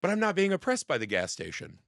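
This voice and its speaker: A man's voice: a little high, fast talker, creaky, dry recording, studio quality. A man in his thirties co-hosting a podcast, arguing emphatically about a film in casual chat and often tagging lines with "right?". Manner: animated, emphatic, repeats "right?". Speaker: podcast co-host. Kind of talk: casual movie review chat.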